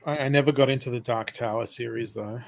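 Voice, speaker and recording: A man's voice: medium pitch, steady tone, quick pace, gravelly, dry recording. An Australian man with an Australian accent, joking irreverently in casual chat. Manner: joking, irreverent, laughs a lot.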